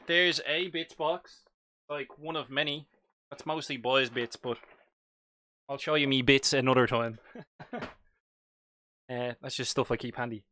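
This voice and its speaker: Bright, chatty Dublin man. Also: medium pitch, clean tone, dry recording, clean studio sound. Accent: Irish, Dublin. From Ireland. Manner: chatty, jokey, reads chat aloud. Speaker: hobby stream host. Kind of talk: casual live-stream chat.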